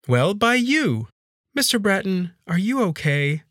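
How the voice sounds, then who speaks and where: A man's voice: high voice, big pitch swings, a little slow, fairly bright tone, no room sound, studio quality, voice pushed up, full character voice. A man voicing a polite, worried female house maid in an audiobook, speaking deferentially and calling her employer sir. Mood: concerned. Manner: deferential, addresses him as sir. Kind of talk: audiobook character voice.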